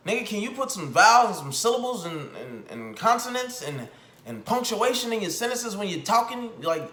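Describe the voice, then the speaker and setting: A young adult man giving casual commentary in an animated, exasperated, mocking way. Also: sits high, measured pace, pauses often. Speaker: commentary vlogger. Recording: echoey room.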